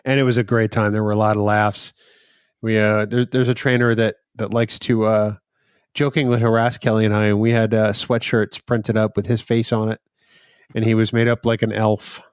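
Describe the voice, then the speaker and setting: A man co-hosting a podcast in casual banter, teasing his partner and quick to laugh. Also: on the low side, flat delivery, clean tone, no room sound. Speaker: podcast co-host.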